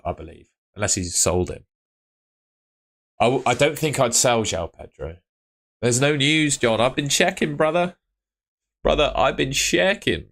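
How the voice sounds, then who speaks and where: A man's voice: medium pitch, fairly bright tone. A man chatting casually on a live fantasy football stream, rambling and answering viewers by name, tired after a long day. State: tired, yawning.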